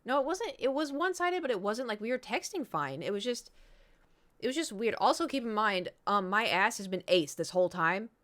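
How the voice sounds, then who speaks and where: A woman's voice: fairly high pitch, sing-song, fairly quick, a bit bright. A woman, chatting casually on stream and telling a rambling story full of fillers and quoted voices. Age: 30s.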